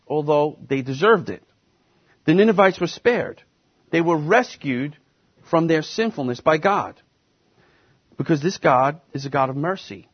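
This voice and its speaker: A man's voice: on the high side, husky, dull audio. A man preaching a sermon, speaking emphatically and putting questions to the congregation. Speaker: pastor.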